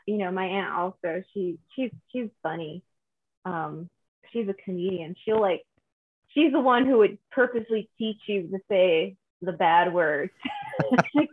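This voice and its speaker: A woman from northern New Mexico chatting casually, rambling with many restarts and lively quoting. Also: mid-range voice. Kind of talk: casual conversation. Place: home in Santa Fe. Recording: phone-like video call audio.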